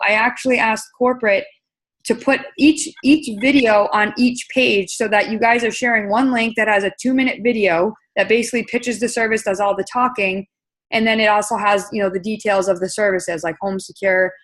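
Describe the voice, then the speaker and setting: A woman leading a webinar sales training, speaking in an upbeat, coaching way with many fillers and repeated words. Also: on the high side.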